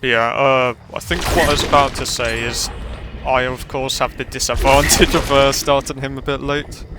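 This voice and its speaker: A man's voice: mid-range voice, noisy background. A man giving casual, rambling gameplay commentary with self-deprecating remarks. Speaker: gaming channel host.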